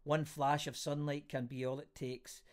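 A man vlogging in a casual, self-deprecating way, reading poems aloud slowly and thoughtfully with hesitant fillers. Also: a little high, level tone, clear, resonant tone. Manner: slow, reflective, soft-spoken with hesitant fillers.

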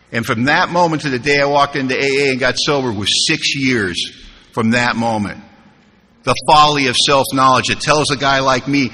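A man's voice: mid-range voice, pushed and bright. A man speaking at a recovery convention, telling his story with humor and rhetorical questions to the room. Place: large conference hall. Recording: hall reverb, faint room noise.

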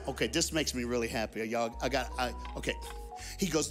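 A man guest-preaching at a church service, telling stories and calling on the congregation to respond, swinging from shouts to hushed tones. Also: medium pitch, fairly even intonation, fast talker, soft background music. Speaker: guest speaker. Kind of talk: sermon.

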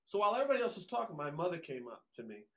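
A man's voice: high voice, big pitch swings, racing. A man from the New York area, a guest musician, telling stories casually with lots of fillers and acted-out quotes. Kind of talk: casual storytelling.

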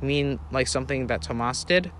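A young woman, the anxious older sister, talks in a pleading, worried way, as a man reads her part. Her voice sits at a middling pitch. A faint hiss of noise runs underneath. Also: a little fast, fairly bright tone, natural voice. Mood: doubtful. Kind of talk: read-aloud story voicing.

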